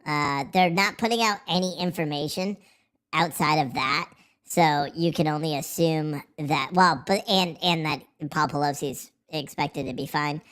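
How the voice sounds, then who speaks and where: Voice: mid-range voice, unhurried, a bit bright. A livestream host chatting casually in a silly put-on voice, rambling, swearing and goofing around. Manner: profane, rambling, goofy.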